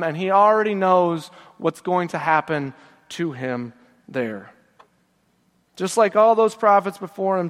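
A middle-aged male pastor preaching a sermon, reading scripture with feeling and slowing to a low, soft close at the end of phrases. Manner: slows and drops low at phrase ends. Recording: long church reverb.

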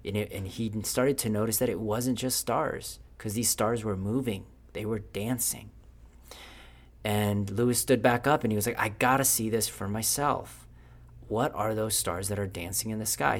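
A man's voice: lowish voice, slightly rough. A man telling an improvised story in a casual, unscripted way, with fillers along the way.

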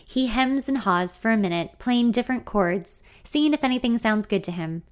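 A woman's voice: on the high side, lively intonation, moderate pace. A woman reading a first-person audiobook story in an intimate, wry, confiding voice. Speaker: narrator.

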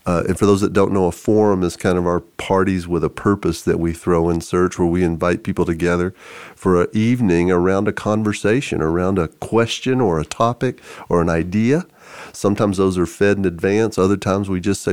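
A man telling a story on a podcast, animated, with many restarts and acted-out voices. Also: sits low, a little fast, no echo. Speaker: podcast co-host, church forum leader. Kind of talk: storytelling conversation.

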